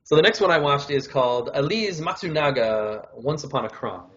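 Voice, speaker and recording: A man's voice: medium pitch, expressive, brisk, fairly bright tone, dull audio. A man co-hosting a podcast, chatting casually and rambling with lots of filler words. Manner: rambling, full of "like" and "whatever". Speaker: podcast co-host. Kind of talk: casual chat reviewing shows.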